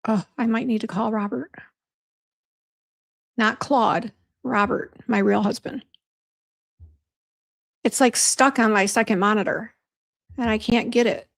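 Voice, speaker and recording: Her voice is a little high, steady in tone, and creaky, and she talks a bit slowly, pausing often. A middle-aged skincare formulator, she hosts a casual home-office livestream, addressing viewers directly in a chatty, easily flustered manner.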